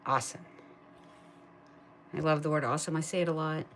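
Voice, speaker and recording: A woman chatting casually on a live stream, thinking aloud and talking to her viewers, turning loud and excited at a win and cooing to her pet. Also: deep voice, fairly quick, slight background noise. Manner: gets excited and loud at wins. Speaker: live streamer scratching lottery tickets.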